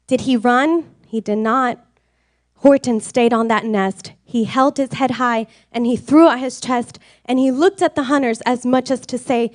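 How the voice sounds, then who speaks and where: High-voiced woman reading a rhyming story. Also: a little slow, dry recording, studio quality. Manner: rhythmic, expressive and sing-song. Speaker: reader.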